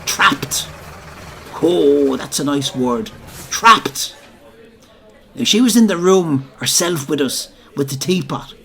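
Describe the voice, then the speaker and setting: A man's voice: on the high side, lively intonation, normal speed, creaky, hardly any pauses. An actor playing an older Dublin man who tells a rambling, boastful pub story, with colloquial asides to his listeners. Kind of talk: theatrical comic monologue.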